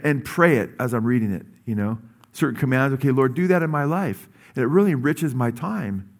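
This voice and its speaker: A middle-aged male pastor giving a sermon in a conversational style, often asking "amen?" and rising in pitch and energy when he urges his listeners. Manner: conversational, with many asides and "amen?" checks; rises in pitch and energy when urging the congregation.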